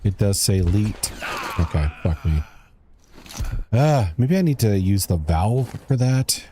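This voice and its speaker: A man's voice: fairly low pitch, lively intonation, a little slow, warm tone, slight background noise. A young man streaming a game, chatting casually, reading chat aloud and muttering as he plays. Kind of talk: casual gameplay commentary.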